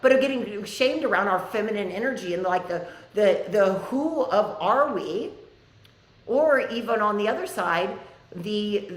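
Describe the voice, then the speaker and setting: A woman leads a live class, chatting candidly and telling stories in a conversational way. Her voice sits in a middle range. The sound has a roomy, echoey character. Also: mid-range voice. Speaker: spiritual teacher hosting an online class. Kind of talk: casual live class talk.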